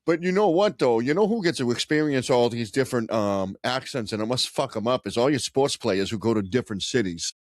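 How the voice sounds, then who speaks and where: A man with a Boston accent hosting a podcast, telling stories in a loose, profane, animated way. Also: mid-range voice, a little fast, hardly any pauses, no room sound, studio quality. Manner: animated, swearing storyteller. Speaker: podcast host. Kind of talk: casual profane chat.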